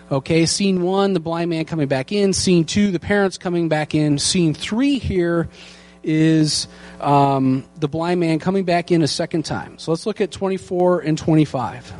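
Earnest high-voiced man preaching. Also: darkish tone. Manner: earnest, slows down to stress key lines. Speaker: pastor teaching a Bible study. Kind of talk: sermon.

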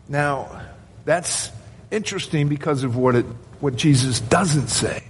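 A man's voice: on the high side, expressive, a little slow, slight background noise. A male pastor preaching a sermon to his congregation, earnest and asking rhetorical questions.

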